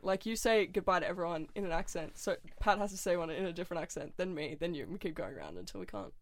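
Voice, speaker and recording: A woman's voice: on the low side, lively intonation, quick pace, no room sound. A woman co-hosting a comedy podcast, bubbly and giggly, tripping over her words. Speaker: podcast co-host. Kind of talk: improvised comedy banter.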